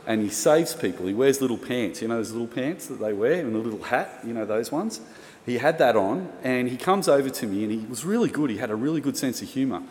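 Talking fast in an expressive, medium-pitched, slightly mellow voice, an Australian pastor shares a personal story during a sermon. He's casual, chatty and self-mocking, and the recording has the echo of a reverberant hall plus faint room noise.

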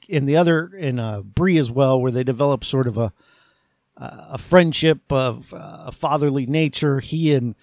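A man's voice: medium pitch, no room sound, studio quality. A man hosting a podcast, casually and enthusiastically reviewing an action movie, rambling with fillers. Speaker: podcast host.

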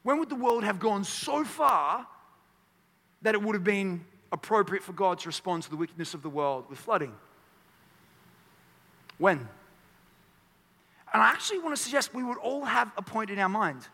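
High, bright-voiced preacher in a reverberant hall. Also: male voice, expressive, normal speed, gravelly, long pauses. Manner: earnest, builds to emphatic peaks, stammers restarts. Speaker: pastor. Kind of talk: sermon. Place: church hall. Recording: long church hall reverb.

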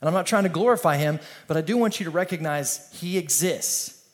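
Pastor, man, slightly high voice, energetic conversational sermon, call-and-response. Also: fairly quick.

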